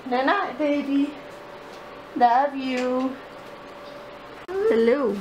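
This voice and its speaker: High-voiced mom in noisy home video. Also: female voice, expressive, extremely slow. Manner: sing-song baby talk, frequent laughs. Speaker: vlogger and mother. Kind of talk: casual home vlog, talking to her baby. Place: home, indoors.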